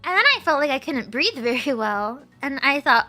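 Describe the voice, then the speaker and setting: A young woman telling a story casually to her stream, halting and restarting, laughing often. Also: sits high, expressive, sharp tone, soft background music.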